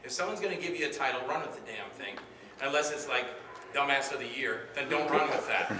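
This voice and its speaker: A man answering audience questions at a convention panel, telling animated stories and acting out the dialogue with loud outbursts. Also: medium pitch, fast talker, a crowd in the background. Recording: roomy hall, distant mic, noisy.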